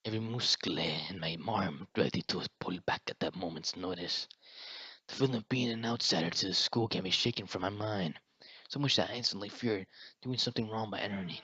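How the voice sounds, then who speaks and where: Husky, lively man on a dull mic. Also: sits low, brisk, dry recording. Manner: joking, profane. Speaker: co-host reading a visual novel. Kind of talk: casual read-along chat.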